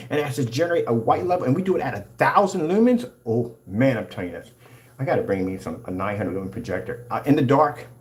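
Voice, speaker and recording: Brief: male company owner, excitable and combative, rants about his product demos in a mid-pitched voice. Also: a little hiss or hum. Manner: hyped, combative, preachy. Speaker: screen paint company owner. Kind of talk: excited product demonstration rant.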